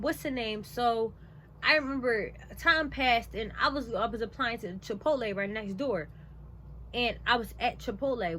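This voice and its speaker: A lively young woman tells a personal story straight to camera. Her voice sits fairly high and bright, swings up sharply when she makes a point, and she fills her talk with "like." A faint hum of room noise sits under her. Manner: animated, emphatic, conversational; frequent "like" and "blah, blah, blah". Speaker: vlogger. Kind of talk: casual storytime.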